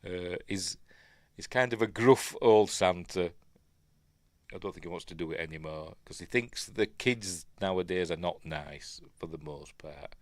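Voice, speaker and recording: A man's voice: low voice, a little slow, no room sound. A middle-aged man with a Yorkshire accent, rambling casually through a film commentary with asides. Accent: Yorkshire English. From Yorkshire, England. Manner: chatty, rambling, self-deprecating asides. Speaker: film review host.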